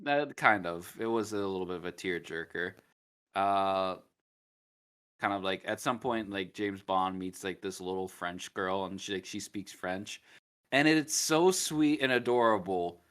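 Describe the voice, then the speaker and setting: A man's voice: deep voice, a little slow, a bit bright, clear, resonant tone. Laid-back male podcast co-host. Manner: laughing, joking, breaks into silly voices. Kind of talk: casual chat.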